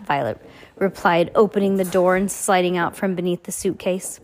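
A woman reading a novel aloud, brisk, with frequent slips and restarts. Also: on the low side, steady tone, a little hiss or hum. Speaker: audiobook reader.

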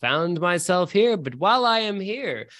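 A man's voice: sits high, very animated, unhurried, a bit bright, exaggerated voice. A man voicing a friendly, rosy-cheeked fortune teller who is effusive and welcoming, with a touch of grandeur.

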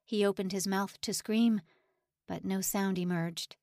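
A woman reading a dramatic story aloud as an audiobook narrator, with an expressive delivery. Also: mid-range voice, unhurried, no echo, studio quality.

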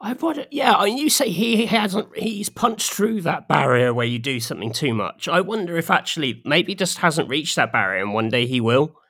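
Musing bright-voiced man in chat. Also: a little high, lively intonation. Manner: musing, halting, restarts a lot. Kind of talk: casual chat about games.

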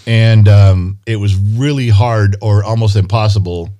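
A man telling stories in casual chat, grumbling and animated, swearing freely. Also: fairly low pitch, measured pace.

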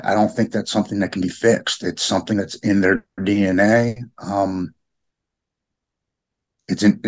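A middle-aged man talking earnestly in a podcast conversation, halting and repeating his words. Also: lowish voice.

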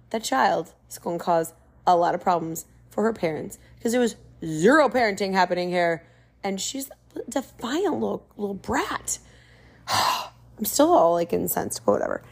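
Gravelly-voiced woman in her forties. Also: mid-range voice, normal speed. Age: 40s. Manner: animated, exasperated, acts out quoted lines. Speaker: vlogger. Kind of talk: casual storytelling.

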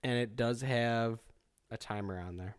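A man's voice: mid-range voice, measured pace, clean tone, no room sound, clean studio sound. A man co-hosting a casual podcast who asks questions and trails off into mumbled asides. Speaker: podcast co-host.

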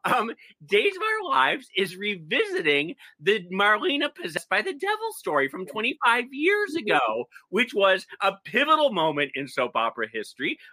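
A man co-hosting a casual talk show, excitably retelling a story with acted-out quotes. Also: high voice, normal speed, hardly any pauses, no room sound. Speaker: podcast co-host. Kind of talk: animated casual chat.

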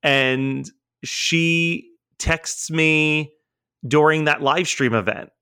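A young man co-hosting a casual podcast, his voice bright and forward. He tells a long story with frequent laughs and acts out what each person said along the way. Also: fairly high pitch, fairly even intonation, extremely slow, clean tone, no echo, studio quality. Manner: storytelling, laughs often, acts out quoted dialogue. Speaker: podcast co-host. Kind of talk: casual chat.

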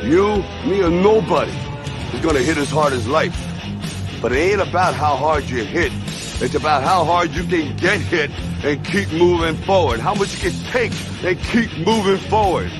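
A grizzled aging boxer delivers a slow, gruff, drawling pep talk, as an actor plays him in a film. His voice sits a bit high for a man. Music plays loudly beneath him. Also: animated, natural voice. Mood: gravely earnest. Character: grizzled aging boxer giving a tough-love speech. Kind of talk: film monologue. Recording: film clip with music behind.

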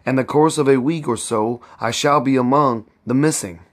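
A man's voice: mid-range voice, normal speed, close to an everyday voice. A man reading aloud as a desperate young husband who speaks mournfully and earnestly.

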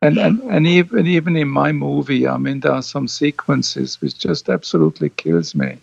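An older man, a film director, reminiscing as an interview guest, halting, with many restarts. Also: fairly high pitch, expressive, gravelly, dry recording. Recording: dull lo-fi sound.

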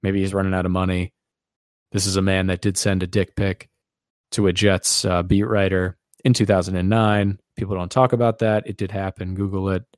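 Male podcast host, low-ish voice, sarcastic and rambling, dry recording. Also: level tone, moderate pace, clear, resonant tone, no echo. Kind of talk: casual podcast chat.

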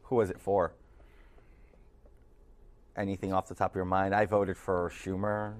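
A man's voice: low-pitched, level tone, unhurried. A man hosting a casual political chat, laughing often and repeating words as he goes. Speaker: podcast host and political candidate.

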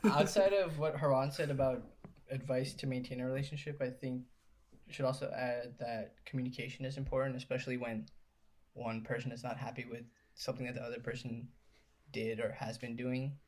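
A young man co-hosting a podcast among friends, giving advice in a calm, thoughtful way. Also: medium pitch, fairly quick. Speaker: podcast co-host. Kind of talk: casual chat among friends.

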